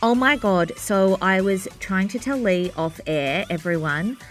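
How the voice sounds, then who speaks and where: A woman's voice: mid-range voice, unhurried, faint music behind. A pregnant woman in her thirties, co-hosting a podcast and telling stories in a chatty way with frequent laughs. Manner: chatty storyteller, laughs often. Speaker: podcast co-host. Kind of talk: casual chat.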